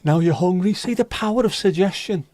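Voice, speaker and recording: A man's voice: sits high, fairly quick, dark tone, no echo. Jokey man chatting with viewers. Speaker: livestream host. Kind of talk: casual chat with viewers.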